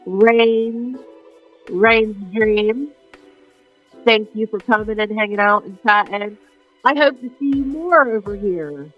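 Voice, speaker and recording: Slow-talking woman with a scratchy throat. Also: mid-range voice, dull audio. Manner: chatty, swears freely, blows kisses. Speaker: livestream host. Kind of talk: casual chat to viewers.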